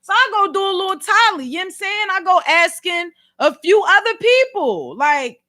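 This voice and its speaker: A woman's voice: extremely high pitch, animated, moderate pace, sharp tone. A young woman with a Philadelphia accent, hosting a podcast livestream and telling a story in a chatty way, talking straight to her viewers. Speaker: podcast host. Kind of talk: casual livestream chat.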